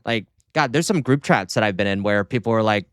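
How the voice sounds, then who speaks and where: A man streaming casual reaction commentary, talking in an animated, sarcastic and mocking way. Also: on the low side, brisk, smooth, dry recording, clean studio sound.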